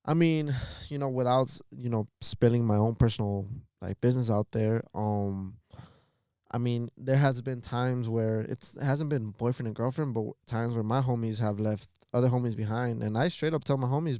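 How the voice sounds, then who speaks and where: A man co-hosting a casual podcast, talking in a measured way with many fillers like "you know". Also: mid-range voice, dark tone, smooth, dry recording, studio quality. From Los Angeles area. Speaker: podcast co-host. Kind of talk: casual chat.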